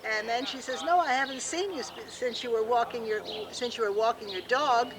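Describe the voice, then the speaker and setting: A woman's voice: a little high, brisk, crowd noise. Older woman, chatty anecdote, backyard home video, people talking nearby. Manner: chatty anecdote telling, animated when quoting herself. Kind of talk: casual home video chat. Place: backyard outdoors. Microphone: home video camera.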